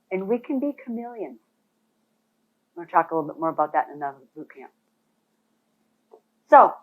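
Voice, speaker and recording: A woman leading a real estate boot camp presentation, emphatic and talking straight to the people in the room. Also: lowish voice. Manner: animated, emphatic, addresses audience directly. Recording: phone-like thin sound.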